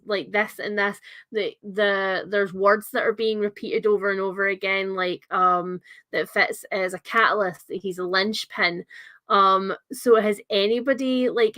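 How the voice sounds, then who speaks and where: Young adult woman, book stream host: chatty, enthusiastic, filler-heavy, mid-pitched. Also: a bit bright. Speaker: book club livestream host. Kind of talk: casual livestream book discussion.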